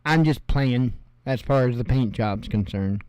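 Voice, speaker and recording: A man's voice: medium pitch, unhurried, darkish tone, clean tone. A male host giving rambling, sarcastic commentary on the news, with mocking asides.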